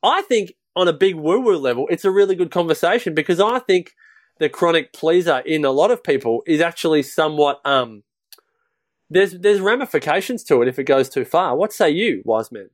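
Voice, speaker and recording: Chatty, higher-voiced man. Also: lively intonation, brisk. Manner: chatty, laughs often, rambling asides. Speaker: podcast co-host. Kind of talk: casual chat.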